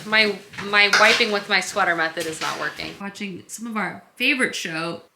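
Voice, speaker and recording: A woman's voice: medium pitch, moderate pace, vocal fry, echoey room, very noisy. A woman book vlogger chatting casually at home, enthusiastic and full of "like" fillers. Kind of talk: casual vlog chat. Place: home under construction, indoors.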